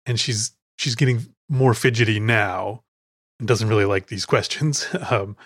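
A man's voice: fairly low pitch, measured pace, no room sound, clean studio sound. A man hosting a podcast, chatting casually and digressively as he recounts film scenes. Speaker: podcast host.

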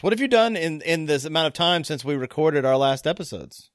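A man's voice: on the high side, lively intonation, a little fast, no echo, studio quality. A man co-hosting a casual film podcast, talking in a jokey, rambling way that often breaks off and restarts. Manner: jokey, rambling, self-interrupting. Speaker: podcast co-host. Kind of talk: casual chat about film.

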